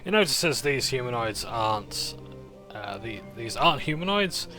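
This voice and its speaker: A man's voice: mid-range voice, sing-song, moderate pace, over music. A man casually recapping a tabletop game session, with frequent "uh"s and self-corrections as he narrates.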